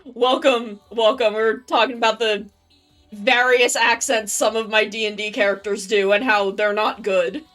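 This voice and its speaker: A woman's voice: on the high side, level tone, normal speed, a bit bright, soft background music. A woman hosting a live stream, rambling through casual chat with lots of fillers. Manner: rambling, filler-heavy, upbeat. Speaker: streamer host.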